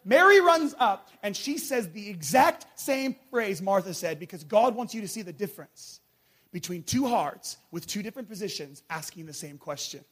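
Male preacher, high voice, passionate sermon delivery, loud peaks and hushed lows. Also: sing-song, moderate pace. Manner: passionate, swings from shouting to hushed.

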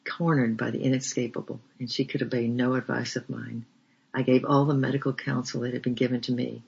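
Gravelly, husky man reading a memoir. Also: mid-range voice. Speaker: audiobook reader. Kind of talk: storybook narration of a memoir. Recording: dull lo-fi recording.

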